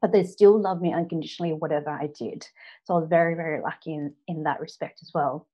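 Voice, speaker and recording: An Australian woman in her thirties tells her own story to an audience in an earnest speech. Her voice sits a little low, and she often stops on "now" before moving the story on. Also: quick pace, slightly rough, highs cut off. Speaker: public speaker.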